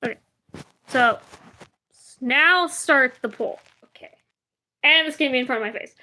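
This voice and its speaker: A woman's voice: high voice, moderate pace, pushed and bright. A young woman streaming live, chatting casually and rambling, often laughing. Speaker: livestreamer. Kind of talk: casual livestream chat.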